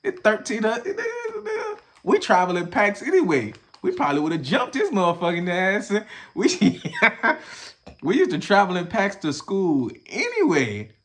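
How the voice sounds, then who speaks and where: A young man talks through his reaction in loose, profane commentary, his pitch leaping and dropping all over. He goes from loud, punchy outbursts to low, muttered asides. It sounds like casual podcast talk. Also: unhurried. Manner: animated, profane, switches between loud acted-out bits and low mutters. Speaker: podcast host reacting to a viral video.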